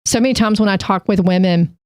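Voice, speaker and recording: A woman's voice: mid-range voice, quick pace, darkish tone, dry recording, studio quality. A woman co-hosting a faith podcast, talking in an earnest, direct way and laughing easily. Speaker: podcast co-host. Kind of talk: casual faith podcast chat.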